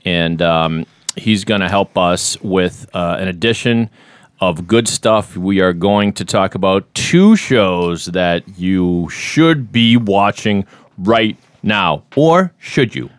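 A man's voice: low-pitched, takes it slowly, clear, resonant tone, no room sound. A man with a Boston accent hosting a podcast in casual, jokey banter that is sprinkled with swearing. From Boston area. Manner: animated, jokey, swears freely. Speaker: podcast host.

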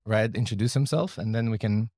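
A man's voice: lowish voice, fairly quick, dark tone, dry recording, studio quality. A man co-hosting a podcast, bantering playfully in casual conversation. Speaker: podcast co-host.

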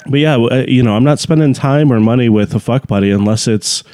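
A man's voice: medium pitch, quick pace, darkish tone, no room sound. A man co-hosting a podcast in casual chat, blunt and laid-back, with lots of "you know" fillers. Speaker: podcast co-host.

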